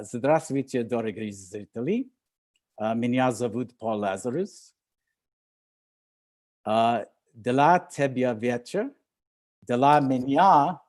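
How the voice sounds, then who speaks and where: A man's voice: medium pitch, darkish tone. An older man, a film director, addressing an audience over a video call, hesitant, with frequent fillers, restarts and chuckles. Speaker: film director, guest speaker. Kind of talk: relaxed talk on a video call.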